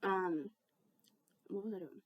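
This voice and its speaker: A woman's voice: mid-range voice, slow, no echo, lo-fi sound. A young woman chatting casually while she bakes in her kitchen, rambling and mocking herself, swearing freely. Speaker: baking vlogger.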